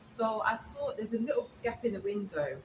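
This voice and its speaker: A woman's voice: on the high side, very animated, moderate pace. A woman as an interview guest, casually telling a story and acting out the dialogue. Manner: retells events with quoted dialogue. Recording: echoey room with background noise.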